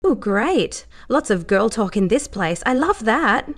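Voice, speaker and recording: A woman's voice: medium pitch, lively intonation, normal speed, close to an everyday voice. A woman voicing a cheerful, naive young dancer with a Southern accent, talking in a bubbly, gushing way.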